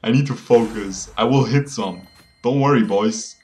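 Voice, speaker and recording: Young male streamer, playful mock-bragging delivery, average pitch, lots of laughs. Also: moderate pace, darkish tone. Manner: boastful, playful, laughs often, calls viewers boys. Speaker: game streamer. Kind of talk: joking live gameplay commentary.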